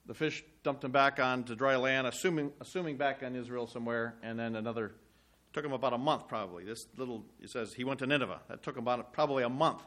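Bright-voiced man preaching a sermon. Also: mid-range voice. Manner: reads scripture aloud with rising emphasis, then explains in asides. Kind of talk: sermon with scripture reading.

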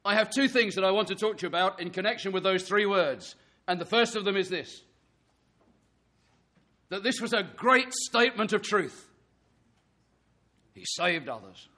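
A man's voice: sits high, normal speed, bright, forceful tone. A man preaching an earnest sermon, reading scripture and pressing his listeners with emphatic rhetorical questions.

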